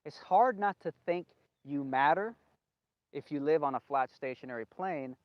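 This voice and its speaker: A man's voice: fairly high pitch, moderate pace, no echo. A man hosting a solo video monologue, rambling, repeating himself emphatically and losing his train of thought. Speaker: video host. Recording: dull lo-fi, dry sound.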